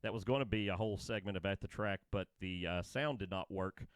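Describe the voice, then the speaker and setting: A man's voice: deep voice, fairly quick, clear, resonant tone, no room sound. Casual male co-host, drawl, rambling storyteller, dry studio mic. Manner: rambling, laughing, excitable storytelling. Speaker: podcast co-host. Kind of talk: casual chat.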